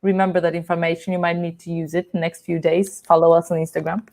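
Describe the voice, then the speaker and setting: A woman's voice: fairly low pitch, flat delivery, fast talker, vocal fry, darkish tone. A young woman from Poland with a Polish accent, co-hosting a casual live stream, chatty and laughing often.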